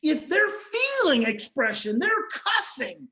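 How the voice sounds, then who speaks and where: A woman giving an impassioned parenting seminar, emphatic and repetitive like a preacher, swinging between shouting and hushed near-whispers. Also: high voice, big pitch swings, takes it slowly, low-quality recording. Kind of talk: impassioned online seminar talk.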